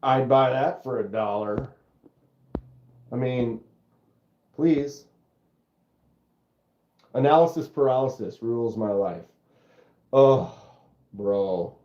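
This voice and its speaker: A man's voice: mid-range voice, slow pace, pauses often, mellow, echoey room, lo-fi sound. A man hosting a knife channel livestream, casually reading viewer comments aloud and joking, often breaking into giggles. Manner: jokey, breaks into giggling fits.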